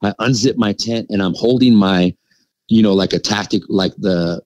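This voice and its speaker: A middle-aged man casually recounting a story as a podcast guest, animated and full of fillers, with frequent little laughs. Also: on the low side, moderate pace, no echo, lo-fi sound.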